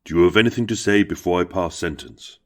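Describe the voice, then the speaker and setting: A man's voice: low-pitched, fast, natural voice. A man voicing a stern older male judge with a grave, formal delivery, in a true-crime narration. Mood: solemn.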